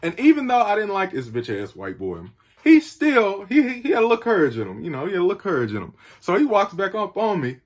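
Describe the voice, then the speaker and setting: Animated young man telling a story. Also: high-pitched, quick pace, few pauses. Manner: animated, acts out quotes with sound effects. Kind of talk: casual storytelling.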